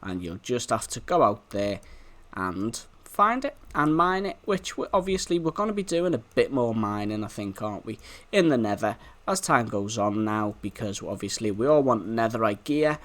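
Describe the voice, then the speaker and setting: A man's voice: fairly low pitch, big pitch swings, moderate pace, a bit bright. A man with a Liverpool accent, hosting a casual gameplay video and chatting as he goes, wandering off to talk to animals in the game.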